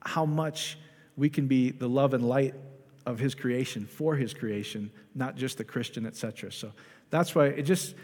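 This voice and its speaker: A man's voice: mid-range voice, moderate pace, a little mellow. A man preaching a casual, conversational sermon, often asking the congregation questions and restarting his sentences. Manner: chatty, asks the congregation questions, many restarts. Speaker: pastor. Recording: long hall reverb.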